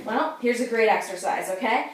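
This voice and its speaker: Breathless high-voiced woman fitness instructor. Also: moderate pace. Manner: upbeat, coaching, says "okay?" and "you guys" often. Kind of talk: exercise demonstration. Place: at home. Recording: echoey room from far off.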